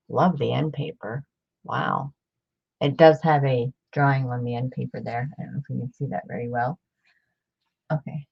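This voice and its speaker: Low-voiced chatty woman vlogger. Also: vocal fry, slightly rough, lo-fi sound. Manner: chatty, gushing over finds. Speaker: book collector showing her collection. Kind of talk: casual vlog show-and-tell.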